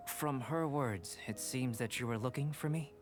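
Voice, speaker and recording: Man doing a detached young alchemist, calm even cadence, bored scholarly tone, mid pitch, faint game music. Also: moderate pace, lightly acted.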